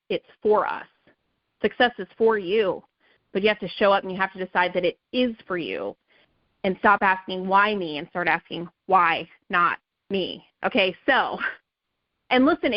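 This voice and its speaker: A woman's voice: mid-range voice, dry recording, highs cut off. A woman leading a sales team call, giving an emphatic motivational talk that keeps coming back to okay and right. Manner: emphatic, repetitive, pep-talk, says okay and right a lot.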